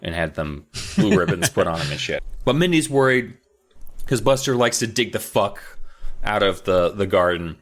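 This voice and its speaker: A man's voice: fairly low pitch, very animated, moderate pace, a bit bright. A man co-hosting a podcast, recapping a book in casual, rambling, jokey chat with some swearing. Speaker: podcast co-host.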